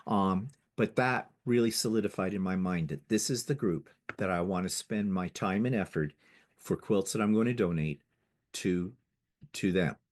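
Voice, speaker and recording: Low-voiced chatty man. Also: normal speed, a little mellow. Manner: chatty, rambling, restarts sentences often. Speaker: quilter giving a guild presentation. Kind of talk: casual slideshow talk. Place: living in Ontario, Canada.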